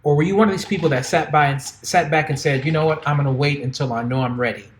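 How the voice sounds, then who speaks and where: A man hosts the interview in a voice a little higher than most men's. He asks long questions that wind around and restart as he works toward his point. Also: fast talker. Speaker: host.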